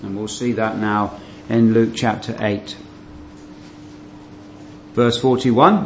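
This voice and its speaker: A man's voice: on the low side, fairly even intonation, slow pace, long pauses, a little hiss or hum. Emphatic man teaching the Bible, dull recording. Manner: emphatic, stretches key words and asks rhetorical questions. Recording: dull lo-fi recording with faint ambience.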